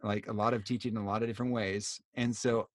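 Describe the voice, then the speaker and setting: A man's voice: on the low side, flat delivery, quick pace, dry recording, studio quality. A man hosting a podcast, talking in a rambling, reflective, self-deprecating way. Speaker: podcast host. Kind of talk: casual conversation.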